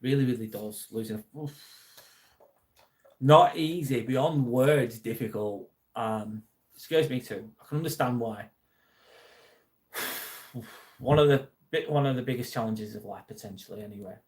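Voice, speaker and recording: A male livestream host from England with a Lancashire accent speaks at a mid pitch and measured pace, leaving long pauses. He's earnest, casual, and supportive while reading viewer comments aloud, swearing now and then.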